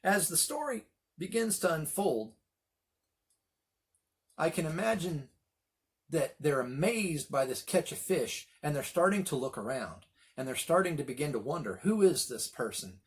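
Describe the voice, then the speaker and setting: A middle-aged man leading a Bible study, telling the story with animated voices for the quoted lines. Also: a little high, unhurried, long pauses. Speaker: pastor.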